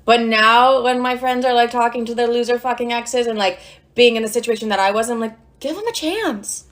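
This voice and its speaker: A woman's voice: a little high, brisk. A young woman casually telling a story about her ex, brash and full of swearing. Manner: brash, profane, animated retelling.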